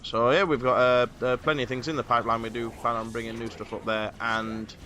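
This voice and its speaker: A man's voice: medium pitch, flat delivery, quick pace, sharp tone, a little hiss or hum. A man hosting a casual podcast, rambling with many fillers. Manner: rambling, filler-heavy planning talk. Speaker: podcast host.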